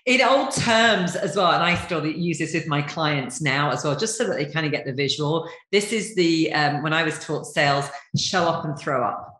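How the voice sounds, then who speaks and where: Deep voiced woman host, echoey room, sums up what the guest said, keeps things on track. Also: a bit bright. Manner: quick, reflective, rephrases guest's points. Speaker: podcast host. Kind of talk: conversational interviewing.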